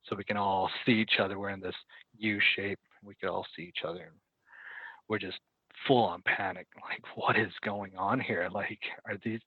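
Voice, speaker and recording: A man telling a story in casual conversation as a podcast guest, halting and correcting himself as he goes, acting out what people said. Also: on the low side, dry recording. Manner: halting, self-correcting retelling with quoted dialogue. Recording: dry, tinny phone-like line.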